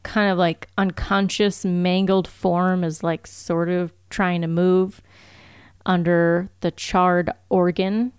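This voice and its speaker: A woman's voice: on the low side, flat delivery, takes it slowly, clean tone, no room sound, studio quality. A woman co-hosting a podcast, recapping a TV episode in casual chat full of fillers like "like" and "kind of". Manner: chatty, filler-heavy recapping. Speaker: podcast co-host.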